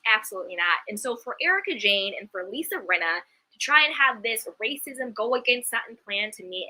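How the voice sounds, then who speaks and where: A woman's voice: mid-range voice, pushed and bright, low-quality recording. A young adult woman hosting a casual live-stream, giving candid, emphatic opinions and reading viewer comments aloud. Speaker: reality TV commentary host.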